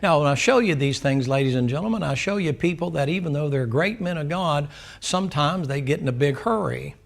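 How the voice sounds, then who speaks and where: Man preacher, gravelly, slightly raised pitch, folksy storyteller who quizzes his class. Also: animated, fairly quick. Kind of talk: Sunday school sermon.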